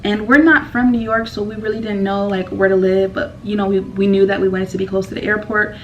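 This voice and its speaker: A woman's voice: medium pitch, fairly even intonation, brisk, distant mic, lo-fi sound, a little hiss or hum. A woman telling a personal story in a casual vlog, rambling and emotional with lots of fillers.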